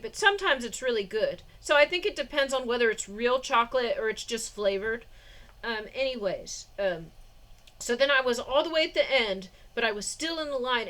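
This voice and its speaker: A woman's voice: high-pitched, a bit bright. A woman vlogger telling a personal story in a rambling way, with restarts, fillers and short suspicious laughs.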